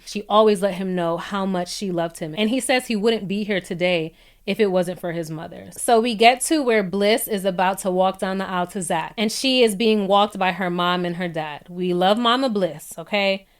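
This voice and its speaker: A young woman chats about a reality show in a lively, casual recap, laughing a lot and slipping into higher-pitched voices to act out her reactions. Her tone is clear and resonant.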